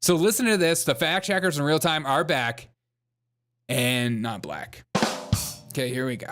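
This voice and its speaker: A man's voice: on the high side, animated, normal speed, over music. A man hosting a comedic political commentary show, mocking and joking as he laughs along. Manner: jokey, mocking, laughs often.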